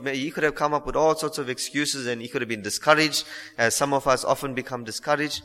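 A man preaching with a bright, forceful voice, earnest and emphatic, pressing his listeners with rhetorical questions. His voice rings through a church hall with a long reverb tail. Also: mid-range voice, fairly even intonation, fast. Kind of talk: sermon.

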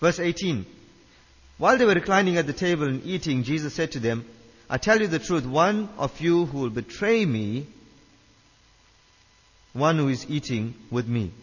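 A man's voice: on the high side, expressive, moderate pace, long pauses, husky. Emphatic male preacher in a reverberant hall. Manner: emphatic, repeats phrases, asks the listeners questions. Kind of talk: sermon. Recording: dull reverberant hall sound.

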